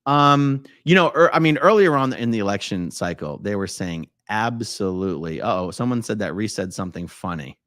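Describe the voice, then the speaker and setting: A man hosting a casual live stream, his pitch leaping around as he chats and jokes. He reads viewer comments out loud, shifting from loud exclamations to quiet mumbled asides. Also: lively intonation, moderate pace, hardly any pauses. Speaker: livestream host.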